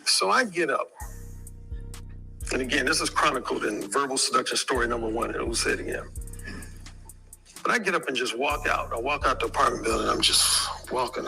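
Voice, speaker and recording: A man telling a crude, animated personal story to an audience from a stage. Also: medium pitch, normal speed, creaky, soft background music, rough recording. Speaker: speaker.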